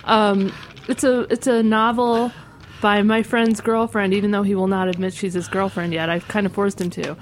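A woman's voice: mid-range voice, flat delivery, moderate pace, a little hiss or hum. A woman guest on a podcast, chatting casually with a teasing, wry manner. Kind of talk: casual chat.

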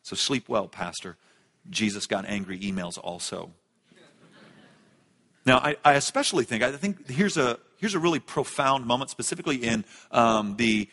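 A man preaching a sermon as a pastor, swinging between loud emphatic lines and hushed ones. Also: mid-range voice. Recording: echoey large hall.

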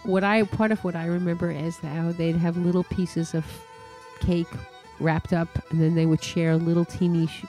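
A woman psychologist speaking as an interview guest, calm and thoughtful as she offers reassurance. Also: on the low side, normal speed, faint music behind. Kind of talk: interview answer.

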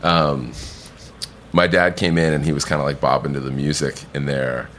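A man with a deep, low voice tells a long bar anecdote on a podcast. He talks casually, swears freely and slips into other people's voices to act out their lines. A faint background hiss sits under the recording. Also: level tone, moderate pace, fairly bright tone. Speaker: bartender guest.

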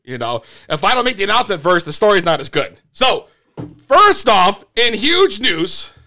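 Animated high-voiced man telling a story. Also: brisk. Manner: animated, swears freely, restarts and repeats. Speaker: livestream host. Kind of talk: casual storytelling to a live audience.

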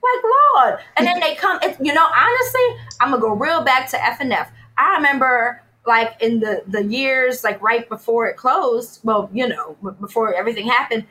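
A woman from New Orleans, a podcast guest, telling stories in an animated way and mimicking other people's voices. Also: fairly high pitch, moderate pace, few pauses, poor audio. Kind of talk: casual storytelling chat.

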